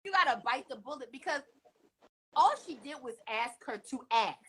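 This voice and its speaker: A bright, crisp young woman chats through a TV recap with plenty of emphasis. She pitches a touch high and keeps things lively, slipping into quick impressions as she goes. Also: poor audio. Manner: animated, emphatic, often acts out quotes. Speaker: co-host. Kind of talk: casual recap chat.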